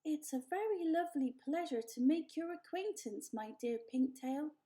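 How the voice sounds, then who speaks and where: A woman's voice: high-pitched, animated, moderate pace, mellow, pitched above the performer's own voice. A woman voicing a formal, polite female robot in a storybook reading, with a stiff, robotic delivery. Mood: stiffly polite.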